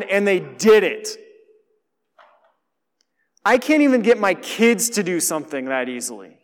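Higher-voiced man preaching in a hall. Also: very animated, normal speed, long pauses. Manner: conversational, swings between hushed and emphatic. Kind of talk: sermon.

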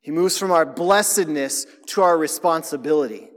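High-voiced man preaching in a reverberant hall. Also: moderate pace, few pauses. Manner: conversational preaching, asks listeners to notice. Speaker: pastor. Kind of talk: sermon.

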